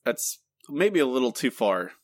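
A man's voice: mid-range voice, big pitch swings, unhurried, no echo. Chatty male podcast co-host, dry sound. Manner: chatty, laughing. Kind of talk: casual chat.

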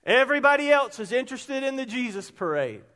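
Preacher, man in his fifties, very high voice, long hall reverb, animated sermon. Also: a little fast. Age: 50s. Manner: animated preaching, builds to shouts on quotes. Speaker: pastor. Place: church sanctuary.

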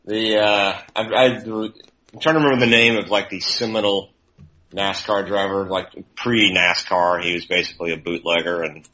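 A man chatting casually as a podcast co-host, making dry deadpan jokes. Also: sits low, moderate pace. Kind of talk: casual chat. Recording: dull lo-fi recording.

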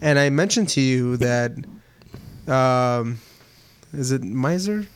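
A man's voice: medium pitch, expressive, slow, clear, resonant tone. A man hosting a casual chat with friends, talking loosely and chuckling, a bit loose after a few beers. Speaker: podcast host running a song countdown.

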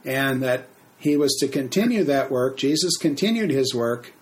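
A middle-aged man preaching a sermon, telling a testimony at an unhurried pace with frequent fillers and restarts. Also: medium pitch, lively intonation. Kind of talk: sermon teaching.

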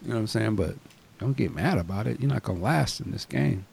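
A man's voice: lowish voice, expressive, fast, gravelly, a little mellow, breathy edge. A man casually telling a story on a podcast, laid-back and slangy, acting out both sides of a phone call. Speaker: podcast co-host.

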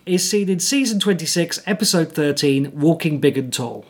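A man's voice: a little high, expressive, normal speed, husky. A man co-hosting a podcast, delivering partly scripted commentary in a dry, wry way. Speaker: podcast co-host. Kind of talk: casual chat with scripted segments.

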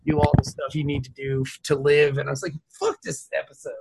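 A man's voice: mid-range voice, completely flat delivery, fast talker, gravelly, a little mellow, husky. A man hosting a podcast, telling emotional stories in casual, profane chat. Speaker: podcast host.

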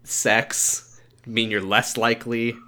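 Very deep-voiced woman podcast co-host. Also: little pitch movement, slow pace, sharp tone. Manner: joking, self-mocking. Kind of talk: casual chat.

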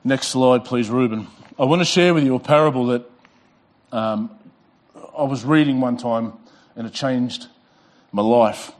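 A middle-aged man preaching a sermon in church, emphatic, rising in pitch and volume when reading scripture and slowing down to stress key words. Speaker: pastor. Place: church sanctuary.

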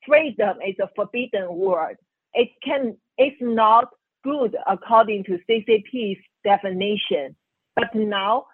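A woman's voice: mid-range voice, husky, no echo. Chinese woman speaking earnestly over a phone line. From China. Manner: earnest, emotional, non-native phrasing. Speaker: guest, doctor. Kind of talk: radio interview. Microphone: telephone.

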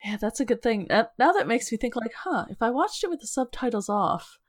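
A woman from Minnesota whose accent has softened from living in England, a podcast guest chatting casually and laughing often. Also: a little high, sing-song, brisk, dry recording, studio quality. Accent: Minnesotan softened by years in England. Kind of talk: casual chat.

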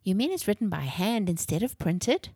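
A woman voicing a curious girl who speaks in a gently wondering way. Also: medium pitch, big pitch swings, normal speed, breathy edge, no room sound, clean studio sound.

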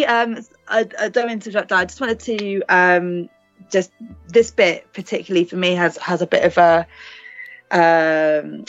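A woman in a casual film discussion, speaking haltingly with many pauses and fillers. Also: lowish voice, fairly bright tone, dry recording. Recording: dry, slightly dull sound.

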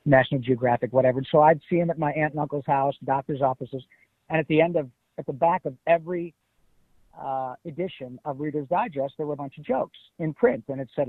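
A middle-aged man from Detroit, telling stories as an interview guest in an animated, emphatic way. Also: a little high, fairly quick, no echo. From Detroit, USA. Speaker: guest voice actor. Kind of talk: casual interview. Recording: tinny phone-like line.

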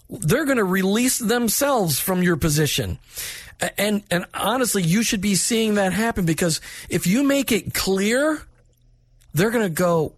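A man with a notably high voice gives direct, plainspoken workplace advice, instructive and conversational like a manager coaching other managers. The recording is close and dry, with no room sound.

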